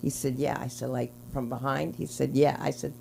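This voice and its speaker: A woman's voice: very deep voice, little pitch movement, moderate pace, creaky, very noisy. A woman hosting an open mic in a small comedy club, introducing acts and telling brassy, bawdy jokes between laughs. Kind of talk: stand-up emceeing.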